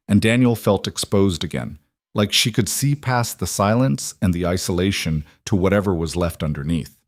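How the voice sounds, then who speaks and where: A man narrating a scripted story in a measured, even storytelling manner. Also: deep voice, dry recording, clean studio sound.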